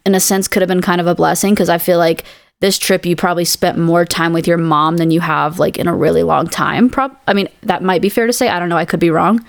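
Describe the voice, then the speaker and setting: A woman co-hosting a relaxed conversation, with a voice that sits a little low. She talks thoughtfully and softens her points with hedges. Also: fast, gravelly. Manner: thoughtful, hedging. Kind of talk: casual chat.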